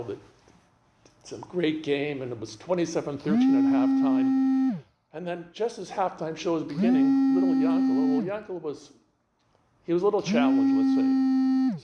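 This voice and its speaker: A man speaking as a guest rabbi, telling stories in an animated way and acting out the dialogue. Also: high-pitched, roomy sound. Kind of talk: storytelling talk.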